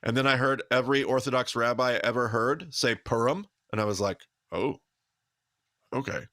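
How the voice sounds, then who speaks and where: A man's voice: medium pitch, a little fast, sharp tone, dry recording, clean studio sound. A man from Idaho co-hosting a podcast, talking casually and candidly with a self-deprecating manner. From Idaho, United States. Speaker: podcast co-host. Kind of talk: casual conversation.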